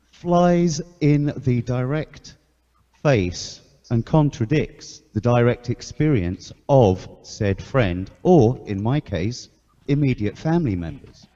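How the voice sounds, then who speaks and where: Slow, dark-voiced man on a radio-filtered mic. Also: mid-range voice. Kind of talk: casual group chat over voice call. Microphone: voice-chat microphone with a radio filter setting. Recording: lo-fi with long reverb.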